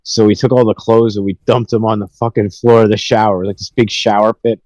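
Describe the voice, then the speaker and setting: A man's voice: on the low side, level tone, a little fast, a little mellow, dry recording, highs cut off. A young man telling rambling, profanity-filled stories with laughs in a casual podcast chat. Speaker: podcast host.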